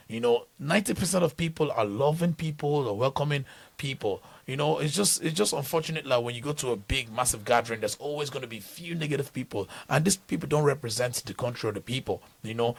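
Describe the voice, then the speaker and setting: This middle-aged Nigerian man speaks at a medium pitch with vocal fry and a slightly bright tone. As a podcast guest, he tells stories in loose, casual talk that keeps restarting.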